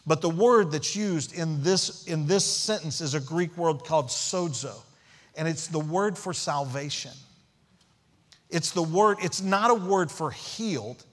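A man's voice: a little high, a little slow, a bit bright. A man preaching a sermon as pastor, emphatic, repeating key phrases and asking rhetorical questions.

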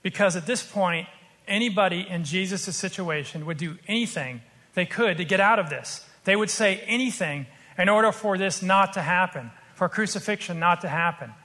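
A man preaching a sermon, earnest and explanatory, slowing down to stress his points. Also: high voice, sharp tone, in a large hall. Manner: earnest, explanatory, slows for emphasis.

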